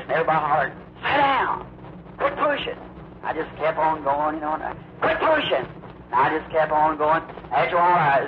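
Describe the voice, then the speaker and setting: Man preaching on a muffled old tape. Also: fairly high pitch. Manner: drawn-out, emphatic storytelling with acted quotes. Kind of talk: sermon storytelling. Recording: muffled old recording, faint hiss.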